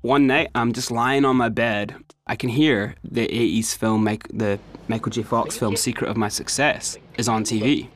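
A middle-aged man with a Scottish accent telling a story in a lively way, sometimes slipping into put-on voices. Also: medium pitch, normal speed, hardly any pauses. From Scotland. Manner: animated, breaks into put-on voices and laughs. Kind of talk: casual storytelling. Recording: music playing behind the voice.

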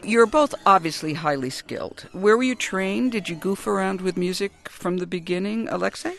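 A woman hosting a radio interview, introducing guests in clear, measured phrases. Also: medium pitch. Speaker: radio host.

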